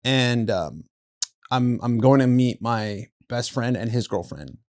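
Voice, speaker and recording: A man hosting a podcast, telling a story animatedly, acting out quotes with big jumps in pitch and laughing through it. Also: expressive, takes it slowly, a little mellow, no echo, studio quality. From Southern California. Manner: laughs through his stories, says "bro". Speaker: podcast host. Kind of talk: casual storytelling.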